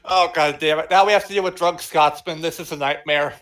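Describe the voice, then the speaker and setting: Excitable podcast co-host on a call. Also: male voice, on the high side, fairly quick. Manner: excitable, restarts sentences, exasperated outbursts. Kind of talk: casual chat recapping episodes. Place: online voice call.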